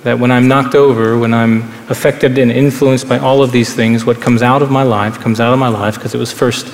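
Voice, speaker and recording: A man's voice: mid-range voice, level tone, normal speed, a little hiss or hum. A young adult man and pastor preaching a sermon on stage in an earnest, conversational way, often repeating words for stress. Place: large hall with stage. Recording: roomy reverberant hall, faint ambience.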